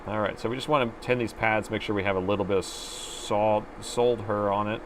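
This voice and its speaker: A man's voice: on the low side, fairly even intonation, a little fast, noisy background. A middle-aged man hosting a live laptop repair stream, joking with chat while he talks through soldering and testing. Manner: joking with chat, narrating his repair steps. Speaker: laptop repair livestream host.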